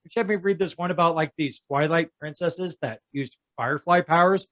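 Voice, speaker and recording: A laid-back man co-hosting a casual chat, with a fairly high voice. He jokes easily and swears as a matter of course. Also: brisk, fairly bright tone. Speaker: podcast co-host and father.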